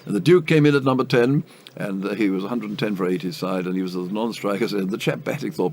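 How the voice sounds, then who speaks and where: A man's voice: lowish voice, fast talker, creaky, a little mellow, slight background noise. An older man, a cricket commentator, telling anecdotes in an interview with many hesitant ums and a ready chuckle. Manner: chuckling raconteur, full of hesitant ums and uhs.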